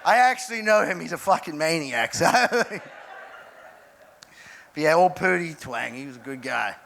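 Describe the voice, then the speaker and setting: A man performs stand-up on a live stage with a bright, gravelly voice. He tells his story in a loose, rambling way and acts out what other people said. Faint noise from the room sits behind him. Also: a little high, lively intonation, normal speed. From Pittsburgh area, US. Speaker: stand-up comedian. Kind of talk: stand-up comedy set. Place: live comedy venue with audience.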